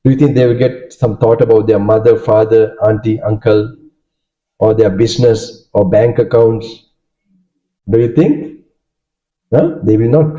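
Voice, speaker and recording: Man, Sri Lankan accent, Buddhist monk teaching, questioning manner, deep mellow tone, dull lo-fi sound. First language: Sinhala. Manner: checks understanding with frequent "okay?" and "right?". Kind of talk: dharma talk with questions to listeners. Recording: dull lo-fi recording.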